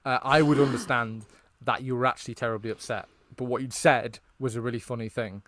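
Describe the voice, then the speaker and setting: A man's voice: medium pitch, fairly quick, no echo. A British man co-hosting a podcast in casual chat, telling stories with energy and quoting lines he finds funny. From Britain. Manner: animated storyteller, quotes film lines and laughs at them. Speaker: podcast co-host.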